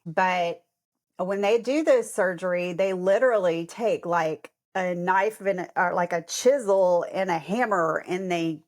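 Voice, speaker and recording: A woman's voice: lowish voice, unhurried. A middle-aged woman co-hosting a podcast, telling personal stories in casual chat and acting out what others said. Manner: animated, acts out quoted voices, laughs often. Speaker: podcast co-host.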